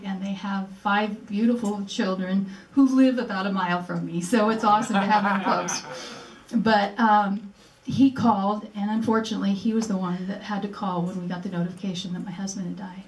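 A woman's voice: medium pitch, steady tone, moderate pace. An older woman giving an earnest personal speech at a museum event, acting out remembered conversations as she tells her story. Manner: earnest, acts out remembered dialogue. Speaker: speaker at a memorial event. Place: museum presentation room. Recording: echoey room, mic at a distance.

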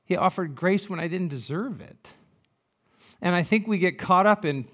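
A high-voiced pastor in his sixties preaches at a moderate pace. His sermon is built on animated, joking stories that shift from loud asides to quiet reflection.

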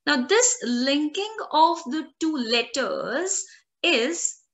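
Slow, bright-voiced woman teaching pronunciation. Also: sits high, animated. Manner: drills pronunciation by repeating words slowly. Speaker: French teacher. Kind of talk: language lesson.

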